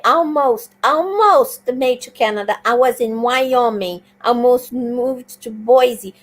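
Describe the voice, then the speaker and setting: A woman guest on a live stream, telling stories with animated enthusiasm. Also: sits high, poor audio. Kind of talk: casual conversation.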